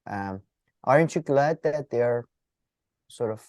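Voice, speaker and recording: A man co-hosting a casual political podcast, animated and mocking, his voice jumping high when he gets riled. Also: slow, dry recording, studio quality. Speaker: podcast co-host.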